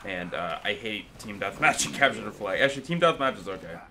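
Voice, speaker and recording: A young man talks through his gameplay live, excitable and loose with his swearing. His pitch swings widely as he reacts, and he often breaks into yelling. Loud game noise runs under his voice the whole time. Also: a little fast. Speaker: gaming commentator.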